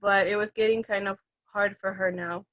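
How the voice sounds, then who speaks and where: A woman's voice: medium pitch, moderate pace, no echo. Young woman caregiver telling a story. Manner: animated, acts out quoted voices. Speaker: end-of-life caregiver. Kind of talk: personal storytelling. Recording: dull, dry lo-fi recording.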